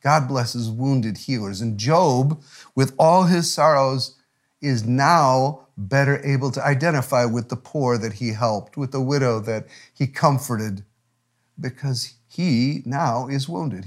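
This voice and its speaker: A middle-aged man preaching a sermon as pastor, telling a story with frequent restarts and dropping to a hushed, almost whispered voice at tender moments. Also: medium pitch, takes it slowly.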